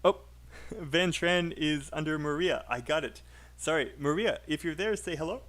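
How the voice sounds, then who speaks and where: A British man leads an online speaking lesson, his voice sitting a little high for a man. He coaches learners one by one with plenty of fillers and encouragement, in the easy rhythm of a teacher on a voice chat. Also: moderate pace, fairly bright tone.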